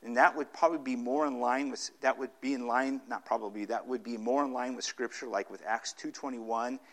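A man's voice: mid-range voice, fairly bright tone. A man preaching a sermon as pastor, explaining scripture verse by verse, often restarting phrases and rising sharply when he reads quotations aloud. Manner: emphatic preaching, dramatic rises when quoting scripture; frequent restarts and fillers while explaining.

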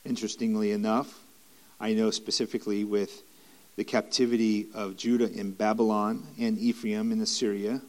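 A man's voice: on the low side, level tone, moderate pace, a little mellow. A man preaching a sermon in an earnest, repetitive way, with restarts and rising emphatic stretches.

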